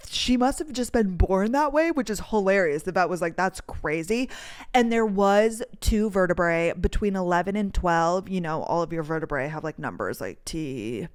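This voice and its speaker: Woman from north dakota rambling on her podcast, says like a lot, swears some, clean smooth voice. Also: lowish voice, lively intonation, moderate pace, few pauses. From North Dakota, USA. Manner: chatty and rambling, heavy use of "like", casual swearing. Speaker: podcast host. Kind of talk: casual solo storytelling chat.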